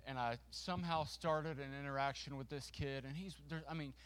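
A man preaching to a congregation, telling a funny story with a volunteer on stage, lively and self-mocking. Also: medium pitch, slight background noise. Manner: lively and self-mocking, with quick restarts and laughter.

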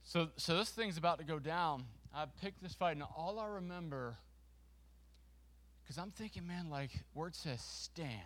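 A man preaching to a congregation, telling a funny story with a volunteer on stage, lively and self-mocking. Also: on the high side. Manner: lively and self-mocking, with quick restarts and laughter.

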